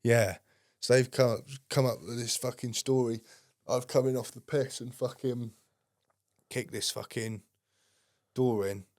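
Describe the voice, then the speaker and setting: A man's voice: mid-range voice, steady tone, unhurried, long pauses, a little mellow, dry recording, clean studio sound. Sweary man telling army stories. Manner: heavy swearing, rambling anecdotes. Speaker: podcast guest. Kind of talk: casual storytelling.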